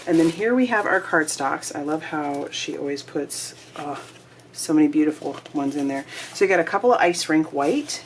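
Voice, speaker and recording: Excitable woman unboxing craft stuff, low voice, gushes a lot, slight hiss behind. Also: normal speed. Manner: gushing, excitable, drops to breathy whispers. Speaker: crafting channel host. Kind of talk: casual unboxing chat.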